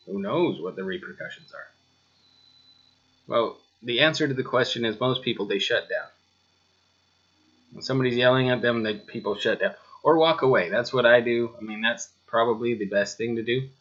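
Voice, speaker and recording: A man's voice: mid-range voice, sharp tone, muffled recording. A man teaching a spoken lesson, talking straight to the listener with rhetorical questions and a touch of sarcasm. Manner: mildly sarcastic asides. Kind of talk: spoken lesson over slides.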